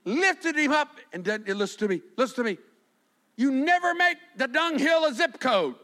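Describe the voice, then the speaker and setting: A middle-aged male pastor preaching a sermon with passion, dropping to a hush and then rising to shouts. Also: very high voice, lively intonation, normal speed. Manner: impassioned, swinging from hushed to shouting.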